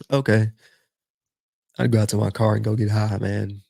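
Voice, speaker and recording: A man's voice: fairly low pitch, normal speed, gravelly, long pauses, no room sound. A middle-aged man hosting a podcast, telling a long military story in a casual, profane way and acting out the voices of the people in it. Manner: profane, animated retelling with quoted voices. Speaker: podcast host.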